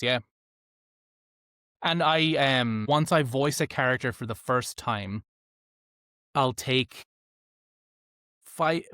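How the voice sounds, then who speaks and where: A man's voice: medium pitch, no room sound, studio quality. A man who works as an audiobook narrator, chatting casually and telling stories about himself in a self-deprecating way. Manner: self-deprecating, animated storyteller. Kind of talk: casual long-form conversation.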